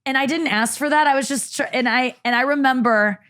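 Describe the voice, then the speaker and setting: A woman comedian guests on a podcast and tells stories in loose casual chat. Her voice sits a little high, and her delivery is animated and sprinkled with swearing. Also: brisk.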